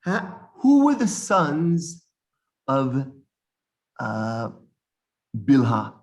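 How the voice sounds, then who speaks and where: A man teaching a class, with a gravelly voice at a middle pitch. He explains each point and then quizzes the students, drifting into asides and fixing his own wording as he goes. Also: wildly swooping pitch, extremely slow. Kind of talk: classroom lesson.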